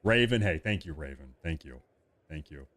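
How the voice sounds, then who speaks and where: A man's voice: extremely low pitch, expressive, moderate pace, a bit bright, dry recording. Emphatic repetitive man live-streaming. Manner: emphatic and repetitive, jokingly irritable. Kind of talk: live-stream political commentary, reading chat.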